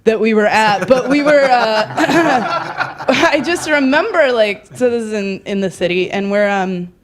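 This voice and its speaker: A young woman performing a stand-up comedy set at a live club, rambling and self-mocking with frequent giggles and fillers, bursting into loud, high-pitched quoted voices. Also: lively intonation, measured pace.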